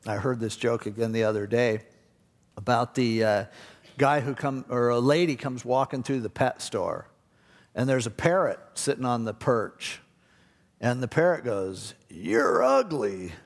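A man's voice: medium pitch, unhurried. A man preaching a sermon, telling stories in a conversational, casual way. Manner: conversational storytelling, acts out quotes. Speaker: pastor. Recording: long hall reverb.

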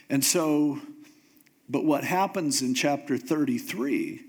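A male pastor preaching a sermon in a relaxed, conversational way. He tells the story with a casual, joking humor. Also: fairly high pitch.

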